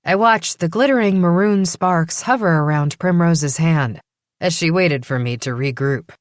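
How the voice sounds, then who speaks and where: A woman's voice: on the low side, a little slow, no echo. A woman narrating a first-person audiobook in a dry, matter-of-fact manner. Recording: dry studio close mic.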